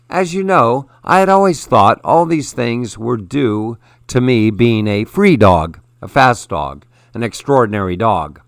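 A man reads a first-person story at a slow, measured pace, earnest and even. His voice sits at an ordinary male pitch. The recording is dry and close, with no room sound. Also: dry recording. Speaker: audiobook narrator.

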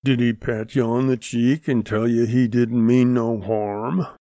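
A man's voice: mid-range voice, little pitch movement, unhurried, dark tone, no room sound, natural voice. A man doing a sneering surly cowhand. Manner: growling, sneering drawl.

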